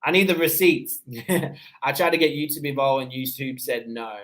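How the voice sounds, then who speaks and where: A man's voice: mid-range voice, moderate pace. Laid-back man with a mixed Australian accent. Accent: Australian, mixed with his parents' Seychellois English. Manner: relaxed and conversational, with easy laughs and frequent fillers. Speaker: livestream host. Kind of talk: casual livestream chat, reading and answering viewer comments.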